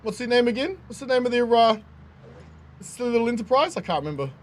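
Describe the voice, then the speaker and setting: A lively game streamer from New Zealand gives casual gameplay commentary in a mid-range voice at a fast clip. The gamer swears freely, laughs often, and keeps things chatty and joking.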